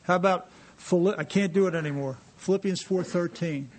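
A man preaching a sermon to a congregation in a church, animated and jokey, reading scripture aloud. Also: high-pitched, a little fast. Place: church sanctuary.

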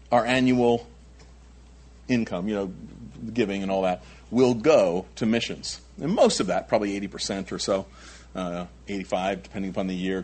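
A man's voice: fairly low pitch, a little mellow, slightly rough. A male pastor preaching a sermon in an emphatic way, often repeating himself and adding asides.

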